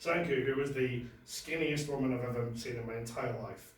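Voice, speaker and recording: A man's voice: mid-range voice, fairly quick, recorded from a distance. A male stand-up comedian, telling a conversational, self-deprecating set with many stammered restarts. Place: comedy venue with audience. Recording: very echoey room, voice from afar.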